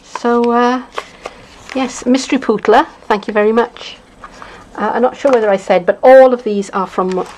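A middle-aged Welsh woman with a lowish, gravelly voice chats about craft pieces at a table. She rambles, filling gaps with "uh" and little laughs. A faint hiss runs under the close recording. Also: darkish tone, rough recording. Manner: chatty, rambling, with frequent fillers and chuckles. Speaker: craft demonstrator. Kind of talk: casual unboxing chat.

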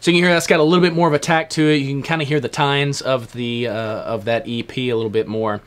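A man casually walking through piano sounds on a stage keyboard, explaining in a relaxed way with fillers. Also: medium pitch, fast. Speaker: keyboard instructor. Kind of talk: casual instructional walkthrough.

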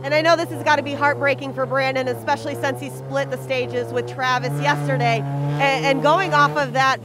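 A woman with a fairly high voice interviews rally teams beside the stages. She asks her questions in a friendly, upbeat way. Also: animated, normal speed, over music. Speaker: motorsport reporter.

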